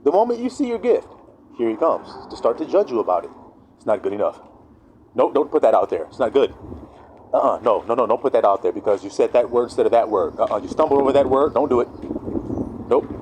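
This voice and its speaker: Animated man preaching casually. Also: mid-range voice, fast, a little hiss or hum, rough recording. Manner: animated, acts out quoted voices. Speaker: online preacher.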